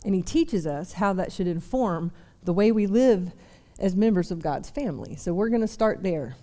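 A woman's voice: lowish voice, animated, moderate pace. Chatty young woman preaching. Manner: warm, chatty, self-deprecating asides. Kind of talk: sermon. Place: church service before a seated audience.

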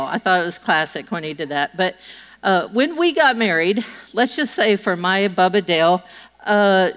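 A middle-aged woman giving a humorous speech to an audience as a public speaker, chatty and folksy, acting out the people she quotes. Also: medium pitch. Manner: chatty, folksy, acts out quotes with lively voices. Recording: long reverb of a large hall.

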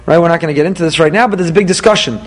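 A man, apparently middle-aged, leading a Torah class, lively and emphatic, reading Hebrew verses and paraphrasing them. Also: on the high side, rapid-fire. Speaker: rabbi teaching weekly Torah portion.

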